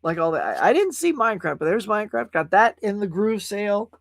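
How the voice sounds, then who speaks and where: A man hosts a casual livestream and reads out viewer comments as they come in. His talk is animated, with big swings in pitch and frequent laughs. The sound is dry and close to the mic. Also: brisk, creaky, no room sound. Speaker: host. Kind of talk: casual live-stream chat.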